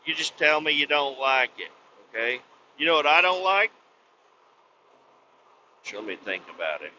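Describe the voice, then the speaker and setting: A man hosting a podcast, ranting bluntly with lots of swearing and sudden loud outbursts. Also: fairly high pitch, animated, moderate pace, slight background noise. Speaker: podcast host. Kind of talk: profane comic rant. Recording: slightly dull lo-fi recording.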